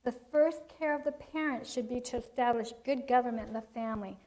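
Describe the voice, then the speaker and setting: Animated woman telling parenting stories. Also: fairly high pitch, a little fast, rough recording. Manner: animated storytelling, laughs often, acts out quotes. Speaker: Christian child-training speaker. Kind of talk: storytelling talk to a church audience.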